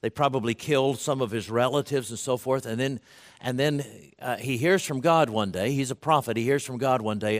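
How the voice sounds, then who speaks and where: A man delivering a sermon at a middle pitch. He speaks in a loose, conversational way, restarts phrases often, and slips into the voices of the people he quotes. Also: a little fast. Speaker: preacher.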